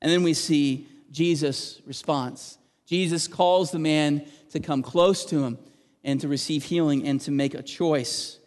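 A man delivering a sermon, his voice pitched a little high. He speaks earnestly and with animation, swelling when he reads scripture aloud. A long reverb trails behind him, as in a large hall. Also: a little slow. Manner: earnest, animated preaching that rises for quoted cries. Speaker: pastor.

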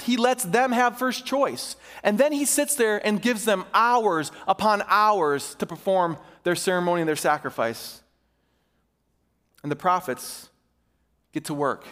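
A male pastor preaching an impassioned sermon in a church sanctuary, swinging between urgent and slow, emphatic delivery. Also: high-pitched, fairly bright tone. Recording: reverberant hall.

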